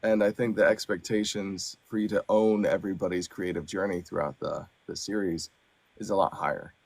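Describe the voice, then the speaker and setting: A man who narrates audiobooks talks on a podcast in a low, gravelly voice. He's animated and loose, full of fillers. The sound is dry and close, with no room around it. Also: moderate pace, no room sound. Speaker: audiobook narrator and actor, guest. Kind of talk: casual podcast chat.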